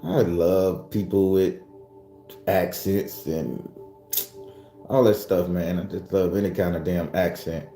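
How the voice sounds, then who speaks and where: Low-voiced man in casual chat. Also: slow, pauses often, dark tone. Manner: loose, rambling and profane, talking straight to viewers. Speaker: host of a morning prayer stream. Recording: echoey room with faint music.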